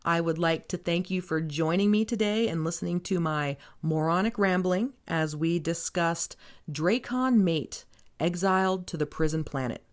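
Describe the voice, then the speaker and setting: A woman's voice: fairly low pitch, moderate pace. A woman hosting a podcast, recapping a book in a casual, sarcastic, rambling way with plenty of swearing. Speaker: podcast host.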